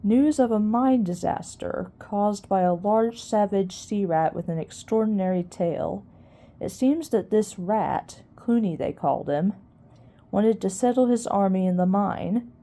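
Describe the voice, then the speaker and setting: A woman voicing an ancient, wise old male mouse archivist who mutters in a squeaky near-whisper. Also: a little slow, warm tone, natural voice. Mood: recounting.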